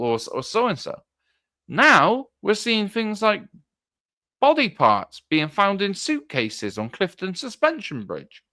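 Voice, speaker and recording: A man giving an earnest livestream monologue, halting and restarting as he talks. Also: high voice, huge pitch swings, sharp tone, no room sound, studio quality. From Britain. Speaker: political streamer.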